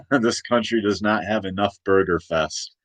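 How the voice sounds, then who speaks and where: A man's voice: lowish voice, takes it slowly, fairly bright tone, no room sound. Rambling man ranting in a dry room. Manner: rambling, many restarts, laughs at himself. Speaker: host. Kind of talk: casual political rant.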